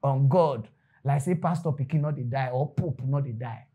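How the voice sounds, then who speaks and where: A man with a Nigerian Pidgin accent giving animated, preachy commentary. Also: mid-range voice, normal speed, breathy edge. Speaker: commentary host. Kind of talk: casual commentary.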